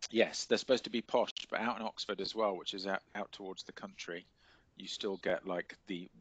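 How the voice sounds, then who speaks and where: A man's voice: deep voice, fairly even intonation, moderate pace, a bit bright, breathy edge, dry recording. A man with an English accent teaching a literature class, explaining in a hesitant way with many fillers. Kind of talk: classroom lecture and discussion.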